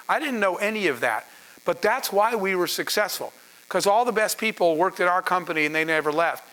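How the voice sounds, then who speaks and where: Bright, high-voiced storytelling man. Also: brisk, poor audio. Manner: animated, acts out dialogue in anecdotes. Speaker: entrepreneur giving a masterclass. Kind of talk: storytelling business talk.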